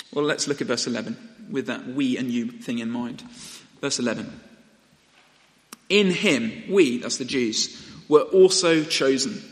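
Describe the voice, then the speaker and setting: A young man gives a sermon in a church hall, speaking straight to the congregation in a loose, conversational way. His voice sits at an ordinary middle pitch. Each phrase trails off in the hall's long reverb. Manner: conversational and animated, addresses the congregation directly. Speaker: preacher.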